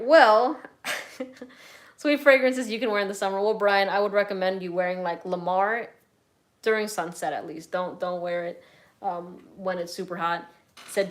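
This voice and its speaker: A woman fragrance reviewer answering chat questions on a casual live stream, playful and teasing, swearing now and then. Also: on the low side.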